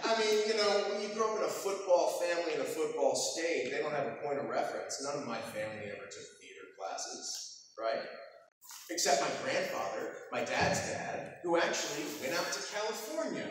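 A man's voice: fairly high pitch, expressive, normal speed. A middle-aged man from Texas with a General American accent, telling stories to a convention audience, laughing often and acting out quoted voices. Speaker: voice actor at a convention panel. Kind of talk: casual storytelling to an audience. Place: large convention hall. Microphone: far camera in the audience. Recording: echoey hall from far off, noisy.

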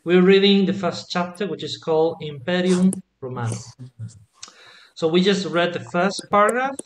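Man, latin teacher, patient, checks understanding, slightly high voice. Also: animated, normal speed, a little hiss or hum. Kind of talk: online group lesson.

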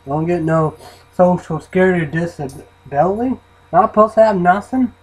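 A man's voice: high voice, moderate pace, husky, poor audio. A man rambling and swearing in a casual vlog, often trailing off into mumbles. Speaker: vlogger reviewing an energy drink.

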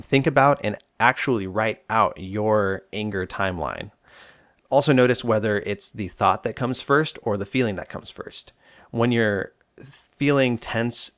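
A male psychologist hosting a self-help podcast, explaining coping steps to the listener in a relaxed, direct way. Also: fairly low pitch, no room sound, studio quality.

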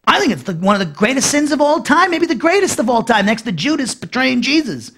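Emphatic high-voiced preacher man. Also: very animated, fairly quick, sharp tone. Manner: emphatic, repeats phrases, rises for stress, drops low to close points. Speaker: pastor teaching a Bible class. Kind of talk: expository sermon.

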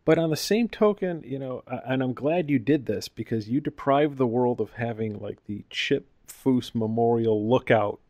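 Male podcast host with a mid-pitched voice, joking, rambling, recorded dry. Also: moderate pace, hardly any pauses, a little mellow, no room sound. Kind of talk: casual chat.

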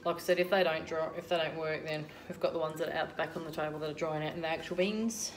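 Chatty Australian woman, lowish voice. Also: steady tone, fast, a little hiss or hum. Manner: chatty and rambling, many ums. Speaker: vlogger. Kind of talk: casual chat to camera.

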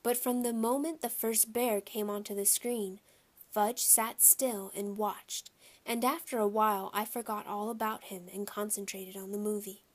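A woman reading a children's chapter book aloud at a middling pitch. She tells the story in a clear, lively way. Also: moderate pace. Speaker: audiobook reader.

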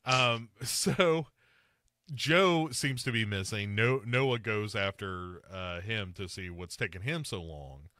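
Bright-voiced man recapping a movie. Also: lowish voice, dry recording, clean studio sound. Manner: recaps scenes with mocking voiced asides. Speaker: podcast host. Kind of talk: casual movie recap chat.

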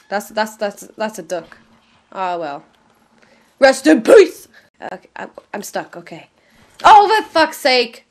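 A woman's voice: very high-pitched, big pitch swings, takes it slowly, fairly bright tone. A young woman swearing her way through gameplay commentary, bursting into shrieks and laughter. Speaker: gaming video host.

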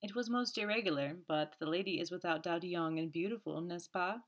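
A woman voicing a fussy male magistrate, stern and indignant but soft-hearted. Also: lowish voice, fairly quick, close to an everyday voice. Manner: indignant, then sentimental sighs.

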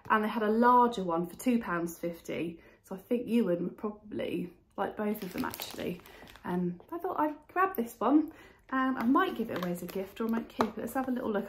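A woman's voice: mid-range voice, a little hiss or hum. A woman chatting casually at home through a shopping haul vlog, rambling and talking to her items and her viewers. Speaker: vlogger showing a shopping haul.

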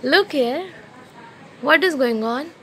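A woman chats to her baby in playful, coaxing baby talk. Her voice sits high and leaps all over, and she keeps an unhurried pace. A faint hum of room noise sits behind the phone recording. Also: animated. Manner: playful, coaxing, sing-song questions. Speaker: parent talking to a baby.

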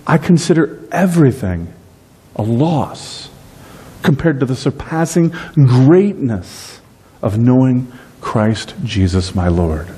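A middle-aged man preaching a sermon as pastor, lively in delivery and slowing down to stress key phrases. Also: medium pitch, slightly rough. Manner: dynamic preaching, slows on key phrases, acts out everyday voices.

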